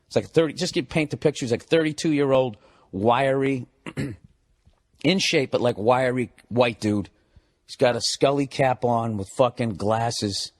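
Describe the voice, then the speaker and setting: A man telling a story as a stand-up comedian, profane and ranting, building up to loud outbursts. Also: mid-range voice, a little slow.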